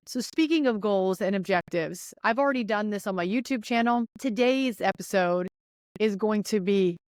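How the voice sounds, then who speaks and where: A young woman hosting her podcast, giving listeners an energetic, chatty pep talk and speaking right to them. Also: mid-range voice, clear, resonant tone, no room sound, clean studio sound. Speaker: podcast host. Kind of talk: casual motivational monologue.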